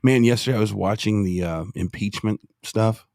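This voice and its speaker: A man on a political talk show, talking in an animated way and acting out mock dialogue. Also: fairly low pitch, normal speed, creaky, no echo, clean studio sound. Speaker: show regular.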